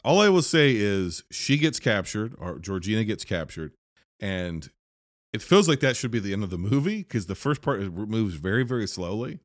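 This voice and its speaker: A film reviewer with a fairly low voice and big pitch swings casually recaps a horror movie plot at normal speed. He rambles and leans heavily on fillers, especially "like." The recording is clean studio sound with no echo.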